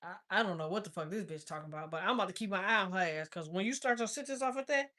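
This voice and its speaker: A woman chatting casually with viewers as a tarot reader, telling stories in a blunt, profane, animated way. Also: medium pitch, very fast. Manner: blunt, profane, animated storytelling with frequent laughs. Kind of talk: casual live-stream chat.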